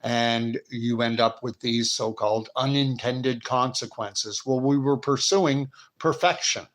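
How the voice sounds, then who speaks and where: A man with a Canadian accent hosts a casual live-stream commentary. His voice sits at an ordinary middle pitch. He talks loosely and digressively, reading viewer messages aloud between asides. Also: fairly even intonation, measured pace, a bit bright. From Canada and the United States. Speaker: host.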